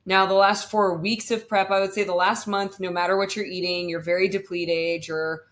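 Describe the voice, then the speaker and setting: Chatty young woman with a low voice. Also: level tone, normal speed. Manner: chatty, many fillers like "like" and "um". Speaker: bodybuilding competitor, guest. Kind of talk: casual podcast chat.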